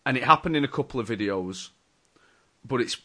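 Lively, bright-voiced man chatting eagerly. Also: medium pitch, brisk. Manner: enthusiastic, lively, prompting the guest. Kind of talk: casual chat.

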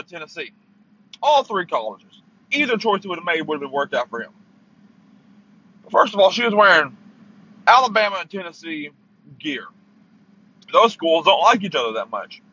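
Sitting in a parked car, a podcast host launches into a heated, profane sports rant, stammering and cursing throughout. He has a high, husky voice with a bright, forceful tone, captured in lo-fi sound.

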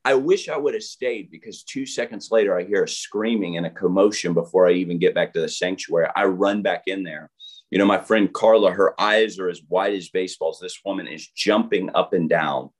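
Pastor guy, lowish voice, tells stories animated, lots of um and you know. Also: brisk. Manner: animated storyteller, acts out quotes, frequent fillers and restarts. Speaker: pastor, guest. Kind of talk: storytelling testimony in an interview.

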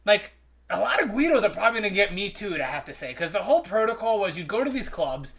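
A man's voice: sits high, sing-song, fast talker, fairly bright tone. A man in his thirties, a podcast guest in casual chat, telling rambling comic stories full of filler words. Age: 30s.

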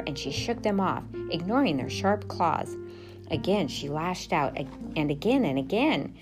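A woman narrating a children's storybook aloud in an expressive, steady manner. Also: low-pitched. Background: music.

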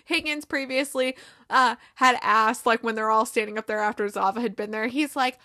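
A woman hosting a casual episode recap, retelling scenes with quick quoted dialogue and frequent laughs. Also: a little high, fairly even intonation, bright, forceful tone, no echo, studio quality. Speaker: podcast host recapping a TV episode.

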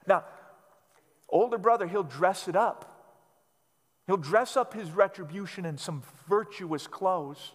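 A man preaching a sermon as pastor, emphatic and repetitive, letting phrases sink to a quiet, low finish. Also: moderate pace. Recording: long hall reverb.

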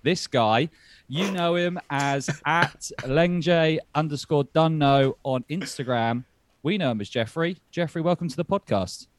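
A man's voice: fairly high pitch, a little slow. A man hosting a casual podcast, chatty and jokey, rambling with restarts. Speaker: podcast host.

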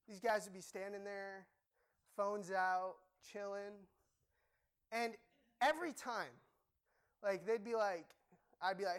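A young male preacher delivers his sermon with a noticeably high voice. He keeps things lively, slipping in jokes before pressing his points with emphasis. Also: a little slow, long pauses. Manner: animated, joking, emphatic.

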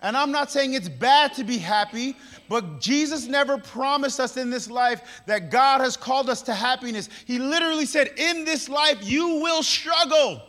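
A man preaches with a strikingly high, bright voice that rings through a long hall reverb. He hammers key lines by repeating them and swings between loud declarations and hushed asides. Playful quips break up the sermon. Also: normal speed, few pauses. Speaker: pastor.

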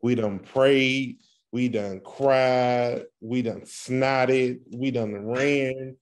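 A man co-hosts a casual podcast and talks things through in an earnest, reflective way. He sometimes pauses and restarts mid-thought. His voice sits at an ordinary middle pitch. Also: steady tone. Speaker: podcast co-host.

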